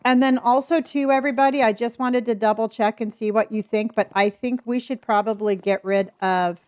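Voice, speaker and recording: A woman's voice: fairly high pitch, steady tone, brisk, darkish tone, clear, resonant tone, no echo. An older woman streaming a building game, chatting with her viewers and thinking aloud as she works. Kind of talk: casual live-stream chat while building.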